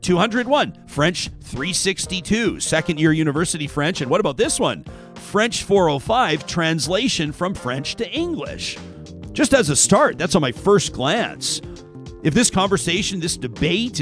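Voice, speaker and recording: A man hosting a talk show, chatting casually and reading listener emails aloud in an animated way. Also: a little high. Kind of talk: radio talk show monologue.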